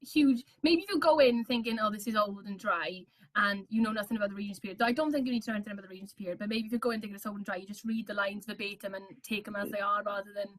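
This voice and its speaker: A woman in her thirties chatting as a guest on a video call, enthusiastic and quick to laugh. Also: mid-range voice. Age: 30s. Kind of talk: casual chat.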